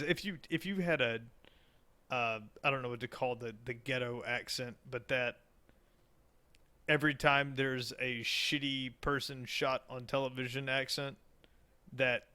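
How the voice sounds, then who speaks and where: A man's voice: medium pitch, normal speed, pushed and bright. A man with a Southern American accent, co-hosting a casual podcast chat, crude and joking. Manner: crude, joking, slips into mock voices. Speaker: podcast co-host.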